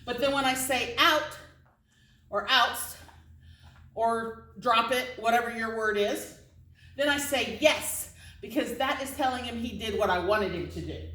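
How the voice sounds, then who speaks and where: A woman dog trainer in a casual, chatty way, explaining how to start a tug game with a dog in an instructional video, with high, excited praise for her dog during play. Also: measured pace, echoey room, distant mic, poor audio. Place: indoor training space with other dogs around.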